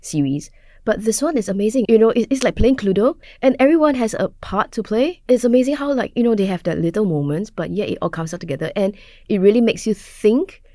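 A woman's voice: medium pitch, lively intonation, a little fast, mellow, no echo, studio quality. A woman guest on a film podcast, talking enthusiastically about a movie, repeating herself and laughing easily. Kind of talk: casual film review chat.

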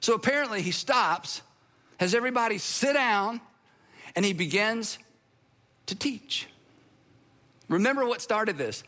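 Bright, high-voiced male pastor preaching. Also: unhurried, long pauses. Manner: animated, conversational preaching with asides to the audience. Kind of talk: sermon.

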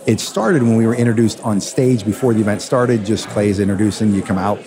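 A fired-up man with a low voice, telling a story in an interview with punchy emphasis. A crowd chatters steadily behind him, so the recording sounds like a busy event hall. He hosts a radio show and talks like a seasoned storyteller. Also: a little fast. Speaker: radio host and attorney, guest.

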